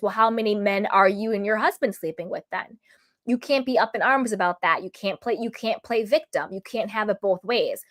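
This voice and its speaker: A woman giving an emphatic, opinionated recap of a reality show episode in a casual vlog, full of quick asides. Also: mid-range voice. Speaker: reality TV reviewer.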